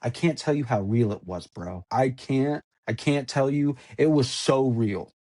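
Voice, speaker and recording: A man's voice: mid-range voice, measured pace, warm tone. A man on a podcast, telling a story in an intense, rambling way and swearing often. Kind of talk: casual storytelling.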